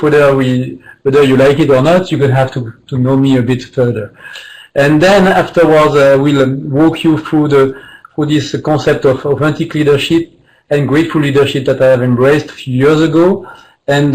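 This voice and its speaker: A man with a French accent giving a webinar presentation, talking haltingly with many fillers and restarts. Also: mid-range voice, darkish tone, low-quality recording. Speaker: guest presenter.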